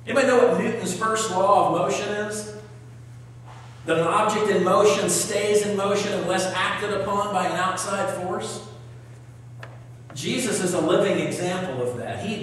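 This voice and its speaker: Guy preaching a sermon, kinda high voice, sounds far off in a big echoey church. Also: fairly bright tone. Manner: storytelling preacher, reads scripture aloud, asks the congregation questions. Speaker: pastor.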